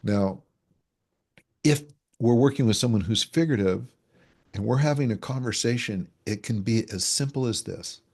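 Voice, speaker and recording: Expert male interview guest, mid-pitched voice, conversational, illustrates points by voicing quotes, keeps checking in with "right?". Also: normal speed, darkish tone, slightly rough. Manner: explains with examples, acts out quoted voices, frequent "right?". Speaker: relationship energetics expert guest. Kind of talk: explanatory conversational interview talk.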